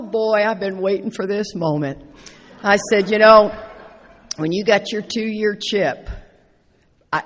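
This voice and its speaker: A woman's voice: on the low side, husky. Folksy middle-aged woman in a big hall. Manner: animated, emphatic, folksy, repeats phrases for stress. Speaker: speaker at a recovery convention. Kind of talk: personal recovery talk to an audience. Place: large indoor meeting hall. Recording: reverberant hall.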